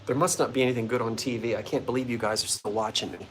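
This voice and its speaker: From the front porch of an old bungalow, a man runs a casual livestream sale of vintage goods, chatting playfully and greeting viewers by name. His medium-pitched voice is steady and quick.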